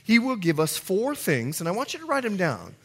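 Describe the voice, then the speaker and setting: A man from the Bahamas, a pastor with a Bahamian accent softened by years in the US, preaching an evening sermon and calling out to his congregation. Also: sits high, brisk, slightly rough. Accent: Bahamian, softened by long US residence. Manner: animated preaching with call-and-response to the congregation.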